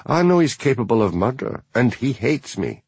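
A man's voice: medium pitch, very animated, moderate pace, a little mellow, breathy edge, dry recording, voice pushed up. A man voicing a dry, wry village policeman.

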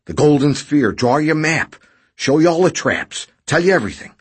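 A man's voice: fairly low pitch, big pitch swings, breathy edge, full character voice. A man voicing Burbage, a desperate injured man. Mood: pleading. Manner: pleading, complaining, rushed.

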